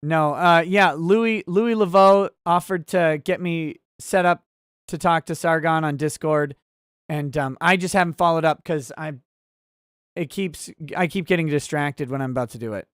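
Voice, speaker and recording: A man hosting a relaxed livestream, reading viewer chat aloud and answering in a rambling, easily sidetracked, wry way. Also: on the high side, moderate pace, clear, resonant tone, no echo, clean studio sound.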